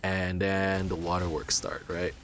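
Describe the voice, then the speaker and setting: A man's voice: low-pitched, monotone, unhurried, fairly bright tone, slight background noise. A man in his thirties from China, chatting casually and telling a rambling story with lots of fillers and restarts. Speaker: let's play gamer. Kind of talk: casual chat.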